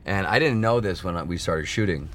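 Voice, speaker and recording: A man's voice: sits low, lively intonation, moderate pace, fairly bright tone, a little hiss or hum. A man in his thirties, a guest actor in a casual interview, telling stories animatedly with laughs and many restarts. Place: back room of a bowling alley.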